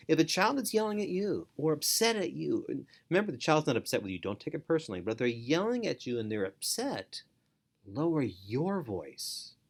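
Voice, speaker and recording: A middle-aged man teaching parents in an earnest instructional talk, repeating key phrases for emphasis. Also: medium pitch. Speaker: foster parent and parenting educator.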